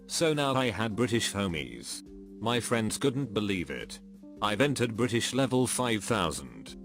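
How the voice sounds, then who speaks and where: Low-voiced man reading stories aloud. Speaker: narrator.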